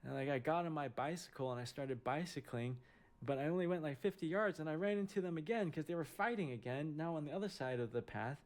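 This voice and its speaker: Halting middle-aged man telling a story. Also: on the high side. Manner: halting, many fillers and restarts. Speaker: surgeon telling a personal story. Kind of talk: casual storytelling.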